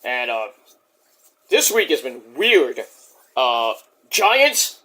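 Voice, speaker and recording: A man's voice: mid-range voice, very animated, drawn-out words, sharp tone. A man giving a brash, boastful, rambling spiel to open his own channel's video. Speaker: YouTuber.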